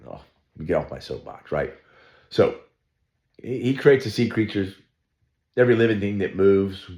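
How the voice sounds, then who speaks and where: A man's voice: low-pitched, darkish tone, reverberant. A man teaching a Bible study, emphatic and opinionated, repeating himself for effect. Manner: emphatic, opinionated, ranting with repetitions.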